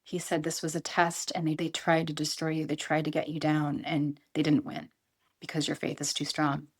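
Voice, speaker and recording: Earnest middle-aged woman, fairly low voice. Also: completely flat delivery, normal speed, husky. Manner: earnest, repeats herself, quotes her own thoughts. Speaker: guest. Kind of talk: emotional interview conversation.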